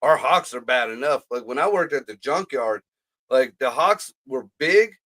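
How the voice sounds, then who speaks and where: A man's voice: medium pitch, animated, moderate pace, pushed and bright. A man co-hosting a live stream, telling loose, profane stories in casual slang. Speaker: podcast co-host. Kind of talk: casual chat.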